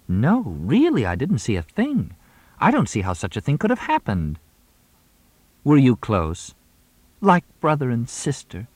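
A man voicing a sharp-tongued young woman who is an actress, wry and teasing. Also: medium pitch, wildly swooping pitch, dry recording, pitched above the performer's own voice. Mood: dramatic. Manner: mocking, theatrical, quick-witted.

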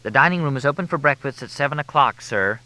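A man's voice: medium pitch, lively intonation, fast talker, bright, forceful tone, dry recording, pitched above the performer's own voice. A man voicing a curt, irritated female switchboard operator, stiffly polite.

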